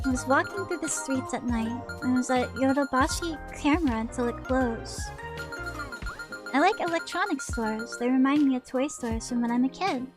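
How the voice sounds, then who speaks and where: A high, light voice of a strange, childlike young woman under suspicion, as a woman reads her lines aloud. She speaks softly and haltingly, asking one naive question after another. Music plays clearly underneath. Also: lightly acted. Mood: dreamy. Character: odd, childlike young woman murder suspect. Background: background music.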